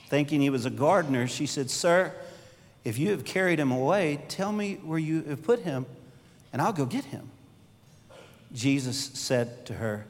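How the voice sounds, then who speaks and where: A middle-aged male pastor preaching a sermon, swinging between loud emphasis and hushed, intimate asides. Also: high voice, expressive, a little slow. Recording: long hall reverb.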